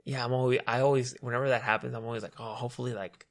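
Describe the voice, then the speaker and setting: A young man rambles through casual talk, full of slang and filler words. His voice has a gravelly, creaky edge at a mid pitch. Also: little pitch movement, very fast. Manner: rambling, slangy, heavy on "like" and "dude". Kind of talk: casual chat.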